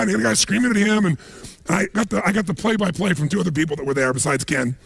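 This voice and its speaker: Man as motivational speaker, high husky voice, animated storyteller. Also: very fast, dry recording. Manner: animated storytelling with emphatic asides. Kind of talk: motivational seminar talk.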